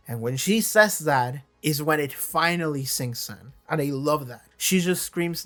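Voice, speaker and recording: An impassioned reviewer talks through a show in a loose, casual monologue, full of restarts and the odd swear word. The voice sits at a middling pitch, and soft music plays underneath. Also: unhurried. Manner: enthusiastic and emotional, with many restarts and swearing. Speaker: video reviewer.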